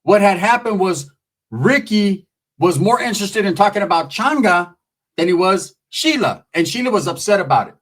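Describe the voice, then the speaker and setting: Brief: man telling a crude story, high, lively, rambling and full of swearing. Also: normal speed. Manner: profane, rambling, animated with voices. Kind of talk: comedic storytelling.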